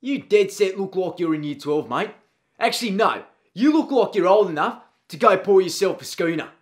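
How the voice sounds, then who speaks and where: A man's voice: sits high, lively intonation, moderate pace. A man playing a brash, blunt Australian PE teacher in his forties who calls everyone mate, in a comedy sketch. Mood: bossy, incredulous.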